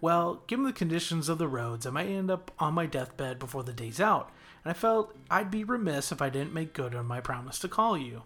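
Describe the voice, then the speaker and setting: A man's voice: a little high, lively intonation, a little fast, a bit bright, voice pushed up. A man reading aloud and voicing a kind-hearted young man who drives for animal control, shy and a little awkward. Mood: earnest.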